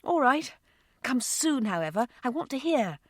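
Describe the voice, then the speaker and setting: Voicing a cheerful, playful older woman friend with a breezy, jolly manner, a woman pitches her voice above her natural range. The delivery is high-pitched and sing-song at a moderate pace, captured in a dry, clean studio recording.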